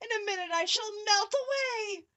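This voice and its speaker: A woman voicing a wicked old witch who is shrill and spiteful, wailing as she melts. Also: lively intonation, a little slow, a bit bright, dry recording.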